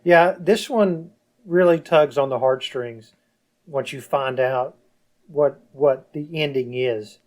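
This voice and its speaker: A young man co-hosting a casual podcast chat, stumbling over repeated words and growing animated as he retells his reactions. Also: mid-range voice, slow pace. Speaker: podcast co-host.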